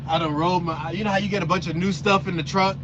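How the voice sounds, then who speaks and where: A man's voice: sits high, fairly even intonation, quick pace, highs cut off, background noise. A man, a trucker, chatting loosely and rambling with lots of slang during a live stream from his truck cab. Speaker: trucker vlogger. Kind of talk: casual live stream chat.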